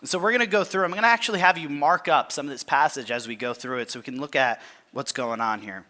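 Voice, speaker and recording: A man preaching a sermon in a relaxed, conversational way, often restarting phrases and asking listeners to underline and circle words in the passage. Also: mid-range voice. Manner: conversational, halting restarts, asks listeners to mark the text. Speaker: pastor.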